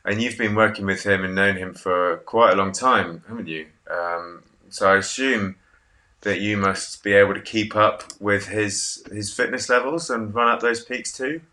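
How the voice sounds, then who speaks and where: A man interviewing a guest, asking encouraging questions in a halting way and offering praise. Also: on the low side, steady tone, pushed and bright. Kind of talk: casual interview.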